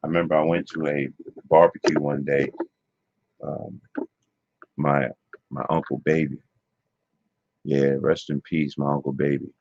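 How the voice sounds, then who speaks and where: Gravelly low-voiced man rambling through a story. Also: little pitch movement, a little slow, pauses often, darkish tone, no echo. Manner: loose, digressive, full of fillers and repetitions. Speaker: vlogger. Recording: dull lo-fi dry sound.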